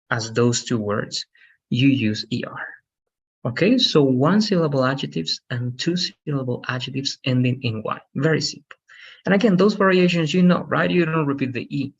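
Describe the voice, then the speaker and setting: A man's voice: mid-range voice, lively intonation, normal speed, gravelly, slightly rough, dull audio. A man teaching an online English lesson. He is patient, repeats each rule and keeps checking with "right?".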